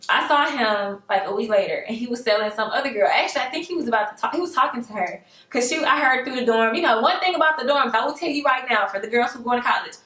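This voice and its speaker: A young woman telling a casual storytime, animated and sassy, laughing often and jumping into high voices for quotes. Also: reverberant. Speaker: storyteller vlogger.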